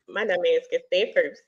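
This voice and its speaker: A middle-aged woman hosting a casual chat, telling a story in an animated, profane way and acting out the dialogue. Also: lowish voice. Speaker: host. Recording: dull lo-fi stream audio.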